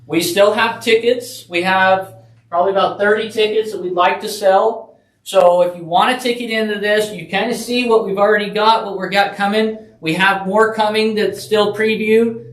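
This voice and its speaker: A person on a radio talk show, earnestly promoting a charity event in a casual way. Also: female voice, steady tone. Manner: earnest, rapid promotional pitch. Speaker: event organizer guest. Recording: roomy, distant mic.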